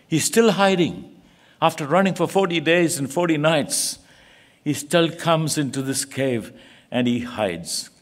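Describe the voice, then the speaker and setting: A man preaching a sermon in a church, earnest and pleading, rising to emphatic peaks. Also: medium pitch.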